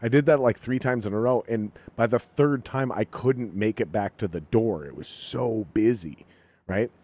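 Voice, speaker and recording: A man with a fairly low voice tells a story as a podcast guest. He talks casually and with energy, swears freely, and slips into the voices of the people in the story. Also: moderate pace. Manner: animated, swears freely, acts out dialogue. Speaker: podcast guest, rock musician.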